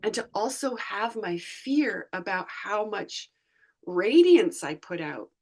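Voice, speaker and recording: A woman's voice: medium pitch, big pitch swings, a little mellow. A woman in a reflective conversation over a video call, thinking aloud and searching for her words. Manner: slow, thoughtful, searching for words. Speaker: joy research facilitator.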